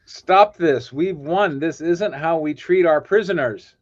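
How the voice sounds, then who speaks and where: A man's voice: a little high, a little slow, no room sound, muffled recording. A man reading the lines of an idealistic young male hero in an earnest, pleading way.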